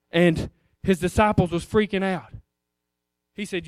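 A man's voice: high voice, steady tone, moderate pace, a little mellow, clean tone, no room sound, clean studio sound. A man preaching an informal sermon in a conversational way, firing rhetorical questions at the congregation.

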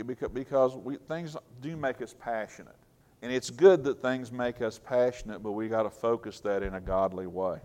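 A man preaching a sermon with earnest emphasis, swinging between loud and soft and chatting in asides. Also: medium pitch.

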